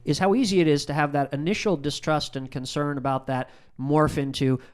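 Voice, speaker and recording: Male podcast host with a smooth, resonant voice and an easygoing, reflective delivery. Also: fairly high pitch, steady tone, a little fast. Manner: thoughtful, hedging, with frequent fillers. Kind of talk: casual conversational discussion.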